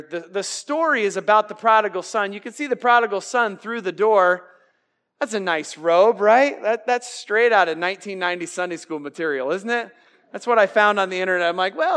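A man preaching a lively, jokey youth sermon, calling out to his listeners for amens. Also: sits high, a little fast. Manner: animated, jokey, calls for amens. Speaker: youth pastor.

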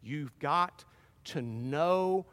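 A middle-aged man preaching a sermon, earnest and animated, with self-deprecating asides. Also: on the high side, drawn-out words. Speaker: pastor. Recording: long hall reverb.

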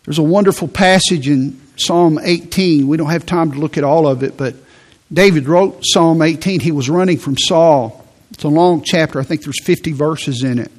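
A man preaching a sermon in a conversational way, repeating words and slowing down for emphasis. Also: fairly high pitch. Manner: conversational preaching with repetitions and slow emphatic phrases. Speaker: pastor.

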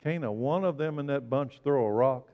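Guy preaching big and dramatic, loud then hushed, long hall echo, kinda dull sound. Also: medium pitch, moderate pace. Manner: dramatic, swings from loud exclamations to hushed lines. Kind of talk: sermon.

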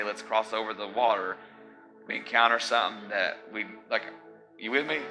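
A man preaching a sermon in a conversational, animated way, mixing scripture with casual asides. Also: fairly low pitch, poor audio.

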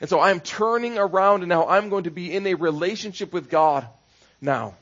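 A man's voice: sits high, normal speed, a bit bright, muffled recording. A man preaching a sermon as pastor, conversational, building into rhythmic repeated phrases.

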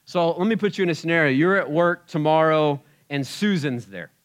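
A man preaching a sermon in a conversational way, swinging between loud emphatic bursts and quiet asides. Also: fairly high pitch, brisk. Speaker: pastor.

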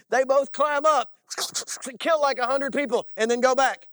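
A male pastor preaching a sermon, telling stories in an animated way and often checking in with "all right?". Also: extremely high pitch, measured pace, long pauses, no room sound, studio quality. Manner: animated storytelling with frequent "all right?" asides.

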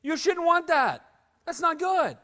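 A man's voice: very high-pitched, big pitch swings, a little slow, sharp tone. A man preaching a sermon in a conversational, emphatic way, often asking the room for an amen. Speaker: pastor.

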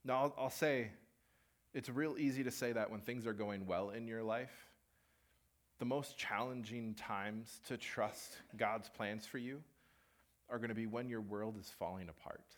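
A man's voice: on the low side, measured pace. A young man giving a sermon and telling a personal story in a conversational way, acting out what people said. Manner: conversational, animated storytelling with acted-out quotes. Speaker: preacher.

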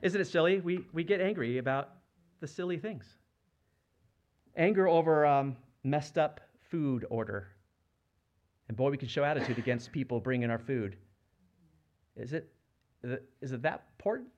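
A man's voice: fairly high pitch, normal speed, long pauses, darkish tone, dull audio, a little hiss or hum. A man preaching a sermon as a pastor, speaking conversationally and asking the congregation rhetorical questions. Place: church.

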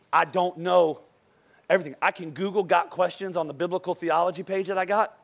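A middle-aged male pastor preaching a lively, joking sermon in church, urging the congregation to repeat lines after him. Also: on the high side, gravelly. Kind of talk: lively sermon with call-and-response. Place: church service before a congregation.

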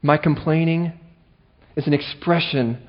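Fairly high-voiced pastor guy preaching, lively and jokey, muffled lo-fi sound. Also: measured pace. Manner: animated, playful, self-mocking asides. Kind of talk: sermon. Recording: dull lo-fi recording.

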